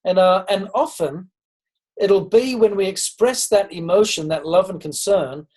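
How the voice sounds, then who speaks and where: On a group call, a man with a high, darkish voice delivers a motivational leadership talk at a measured pace over a rough recording. As a leadership coach, he's earnest and encouraging, asks listeners direct questions, and frequently restarts with ums.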